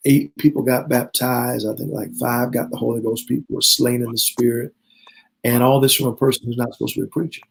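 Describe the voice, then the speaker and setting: A man's voice: medium pitch, gravelly, rough recording. A man in his fifties, a bishop who is a guest, telling his personal testimony in conversation. He is an earnest storyteller who acts out remembered dialogue.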